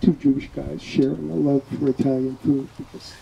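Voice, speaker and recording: A man's voice: medium pitch, flat delivery, moderate pace, vocal fry, muffled recording, crowd noise. A man from New York giving an informal funeral eulogy, hesitant and with fillers. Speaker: eulogy speaker, neighbor.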